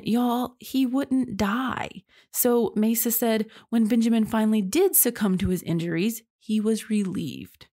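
Chatty woman hosting true crime. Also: medium pitch. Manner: chatty and expressive, addresses listeners as y'all. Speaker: true crime podcast host. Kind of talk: casual true crime narration.

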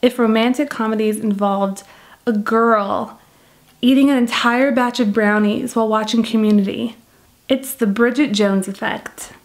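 A young woman telling self-deprecating comic stories in an animated vlog monologue. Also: a little high, measured pace. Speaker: vlogger.

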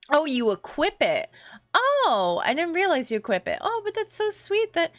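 A woman's voice: high voice, very animated, unhurried, dry recording, clean studio sound. A young woman streaming a game, chatting in a rambling way with her viewers and filling her talk with fillers and restarts. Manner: chatty, rambling, warm toward chat, many fillers. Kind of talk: casual stream chat with viewers.

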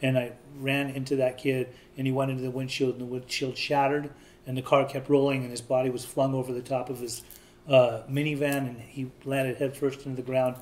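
A man in his thirties from Southern California tells his own story in an interview, candid and plain-spoken, acting out the voices of people he quotes. His medium-pitched voice moves little in pitch and runs a little fast.

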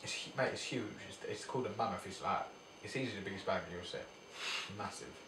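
A man's voice: fairly low pitch, fast, noisy background. A man chatting casually as a boxer guest, in laid-back, slangy banter. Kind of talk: casual chat. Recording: echoey room, mic at a distance.

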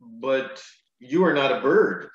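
A man's voice: medium pitch, very animated, takes it slowly, recorded from a distance. A man voicing a small, forgetful little songbird in a storybook reading, with a surprised, unsure manner. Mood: puzzled. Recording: echoey room, dull lo-fi sound.

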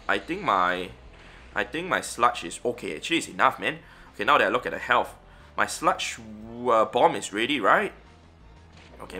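Young male gamer, lowish bright voice, chatty play-by-play, faint music bed. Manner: chatty, thinks aloud, frequent fillers and restarts. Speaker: gaming streamer. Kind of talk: live gameplay commentary.

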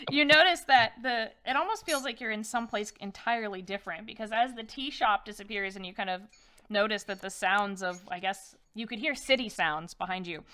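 Bright-voiced woman running a tabletop game. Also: medium pitch. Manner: rambling, filler-heavy, laughs often. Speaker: dungeon master.

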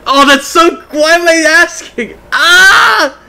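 A young man streaming a game, chatting casually with his viewers in an excitable, giggly way. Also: very high-pitched, slow, vocal fry. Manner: excitable, giggly, talks to chat. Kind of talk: casual live-stream chat.

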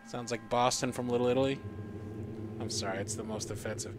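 A man's voice: medium pitch, steady tone, brisk. Guy playing a game and rambling, goofy, kinda self-deprecating, mid voice, bit of music under it. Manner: goofy, chatty, self-deprecating, drops to mutters. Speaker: gaming YouTuber. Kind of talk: casual let's-play commentary.

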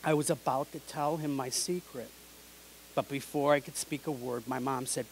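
A man reading his personal memoir aloud in an earnest, measured way. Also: mid-range voice, fairly even intonation, a little hiss or hum, rough recording. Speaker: memoir narrator.

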